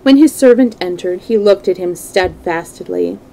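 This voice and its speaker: A woman's voice: fairly low pitch, moderate pace, gravelly, dark tone, rough recording. A woman reading a classic novel aloud to a live stream, giving the characters' dialogue a light touch of acting. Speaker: storyteller.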